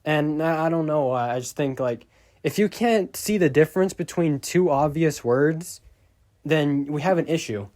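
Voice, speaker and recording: A man's voice: on the high side, moderate pace, darkish tone. A man telling a storytime to his viewers in a casual, rambling way, getting exasperated and swearing as he rants. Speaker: YouTuber.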